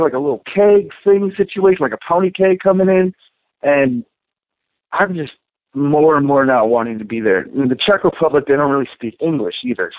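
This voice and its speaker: A man co-hosting a podcast, telling a story in a casual, profane and animated way. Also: a little high, dry recording. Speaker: podcast co-host. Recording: tinny phone-like dry sound.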